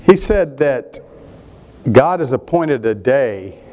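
A man preaching a sermon, animated, swinging between emphatic and quieter passages. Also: mid-range voice, slow pace. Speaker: pastor.

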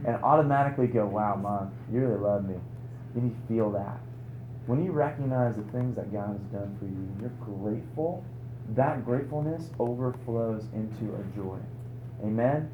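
A man's voice: mid-range voice, moderate pace, phone-quality sound, background noise. Give me a young man preaching at a conference in a roomy hall. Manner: animated storytelling with rhetorical questions. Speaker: conference speaker. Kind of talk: sermon.

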